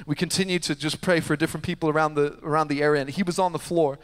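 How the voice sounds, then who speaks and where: A fairly high-voiced man preaches to his congregation, swinging from loud, emphatic peaks to hushed, almost whispered asides as he tells his story. His voice rings through a large church hall with a long, lingering reverb. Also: fairly even intonation, fast talker. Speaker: pastor. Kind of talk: sermon. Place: church sanctuary.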